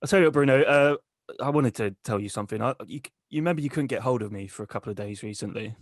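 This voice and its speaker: A man co-hosting a comedy podcast, telling a crude, deadpan tall tale. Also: medium pitch, quick pace, dry recording, clean studio sound. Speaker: podcast co-host. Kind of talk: comic storytelling.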